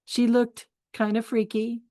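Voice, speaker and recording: Older woman host, unhurried, chatty storyteller, dry close sound. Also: fairly high pitch, level tone, warm tone, no room sound. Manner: chatty and candid, laughs often, gives life advice. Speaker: spiritual forum host. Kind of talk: storytelling talk.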